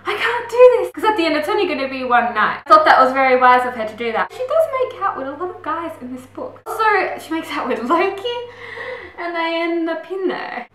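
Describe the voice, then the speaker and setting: A chatty woman reviews a book with eager, gushing energy, bringing its scenes to life as she talks. Her voice sits high and sounds bright and forward. The recording carries a noticeable roomy echo. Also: big pitch swings, brisk. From Australia. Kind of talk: casual book review chat. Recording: roomy echoey room.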